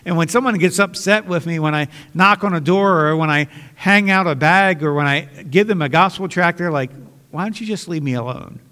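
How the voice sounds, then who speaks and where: A male pastor preaches in an earnest, conversational way, often restarting sentences. His voice sits somewhat high and carries a long hall echo. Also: fairly quick, hardly any pauses, pushed and bright, clean tone. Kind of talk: sermon.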